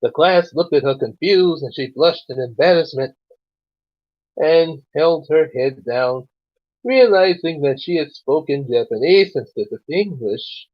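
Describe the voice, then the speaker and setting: Slow, rambling male storyteller. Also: a little high, animated, muffled recording. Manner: rambling asides, many "you know"s. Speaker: storyteller and host. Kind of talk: casual story reading with commentary.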